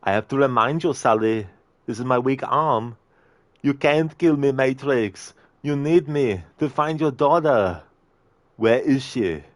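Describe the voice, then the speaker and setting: A man putting on a slow, menacing action-hero voice. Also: medium pitch, no room sound, pitched above the performer's own voice, close to an everyday voice. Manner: slow, heavy, menacing delivery. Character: gruff tough-guy action hero, male, adult, menacing.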